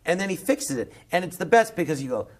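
A man from Southern California with a Californian accent, telling a long, rambling anecdote as a podcast guest, full of restarts and quick imitations. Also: on the high side, big pitch swings. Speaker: guest comedian.

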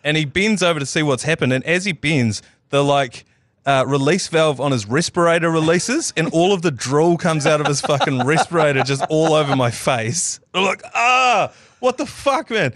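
A man with a New Zealand accent co-hosting a casual podcast, telling stories in a lively way and laughing as he goes. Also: a little high, normal speed, no echo, clean studio sound. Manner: lively storytelling, often laughing mid-sentence. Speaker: podcast co-host. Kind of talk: casual chat.

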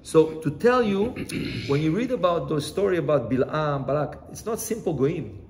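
A male rabbi gives an informal Torah lesson, talking in a chatty, storytelling way and often asking his listeners questions. His voice sits a little higher than most men's. A faint hiss runs underneath. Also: animated, moderate pace, darkish tone. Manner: chatty, asks the listeners questions, mixes in Hebrew phrases. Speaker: rabbi teaching a class.

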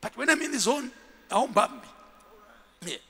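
A man who is a bishop preaching a sermon, animated and full of call-and-response with his congregation, in a large church. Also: very high voice, a little slow, slightly rough. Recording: live church sound with long hall reverb.

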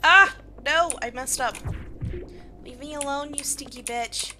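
A woman's voice: sits high, steady tone, a little slow, sharp tone, faint music behind. A young woman giving casual, self-deprecating commentary while playing a game, laughing often. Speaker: gaming video creator. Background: keyboard clicks and typing.

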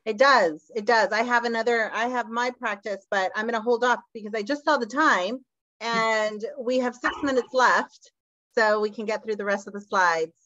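A woman co-presenting an online workshop, talking conversationally with quick asides. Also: on the high side, a bit bright, dry recording. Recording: dull lo-fi, dry sound.

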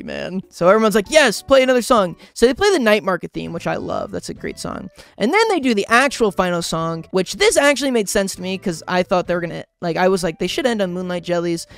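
A young man, a YouTuber, excitedly telling a rambling story in a casual vlog, full of "like" and "bro". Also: sits high. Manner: animated, rambling, frequent "like" and "bro".

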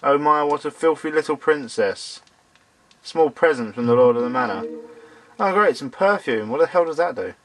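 A man doing let's-play commentary, excitable, swearing at the game and talking to its characters, and a bit hoarse as he loses his voice. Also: a little high, moderate pace, no room sound. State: losing his voice. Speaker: let's player. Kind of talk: gameplay commentary.

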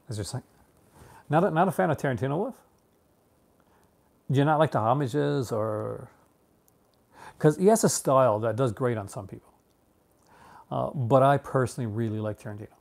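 His voice sits in the mid range with a darkish tone and vocal fry, and he moves at a moderate pace broken by long pauses. He's a Canadian in his thirties casually answering viewers about films, rambling, restarting often, using fillers and laughing a lot.

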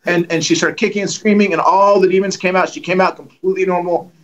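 High-voiced animated male evangelist. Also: fast talker, lo-fi sound, noisy background. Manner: animated, acts out quotes, joking. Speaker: guest evangelist. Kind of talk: storytelling in a livestream conversation.

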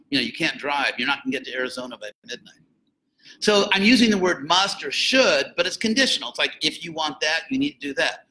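An older man giving an informal, conversational lecture to students as a spiritual teacher, with joking asides and animated emphasis. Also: fairly high pitch, a little fast, a little hiss or hum, poor audio.

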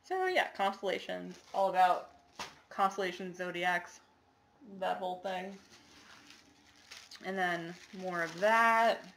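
A woman's voice: on the low side, animated, slow pace, pauses often, fairly bright tone, a little hiss or hum. A woman chatting casually to the camera in a show-and-tell video, rambling with lots of fillers and apologies. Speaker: cross-stitch vlogger.

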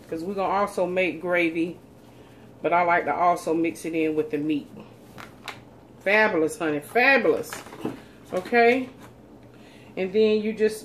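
Folksy woman, lowish voice. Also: slight background noise. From North Carolina, USA. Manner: chatty, folksy, talks straight to viewers. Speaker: cooking channel host. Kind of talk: casual cooking demonstration. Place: home kitchen.

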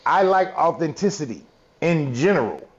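A man's voice: fairly high pitch, very animated, normal speed, lo-fi sound, crowd noise. A man co-hosting a podcast, talking bluntly and profanely in a casual group chat, opinionated. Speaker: podcast co-host.

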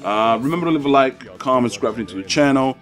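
A man giving excitable, profane live commentary over his own game matches, trash-talking opponents and hyping his plays. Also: medium pitch, fast. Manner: excitable, profane trash talk, swings between hype shouts and mutters. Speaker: gaming YouTuber.

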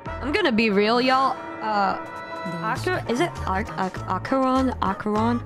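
High-voiced excitable woman streamer. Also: moderate pace. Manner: excitable, shouts at the screen, laughs often. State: voice often strained. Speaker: VTuber streamer. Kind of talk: casual live reaction to a game story. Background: game music.

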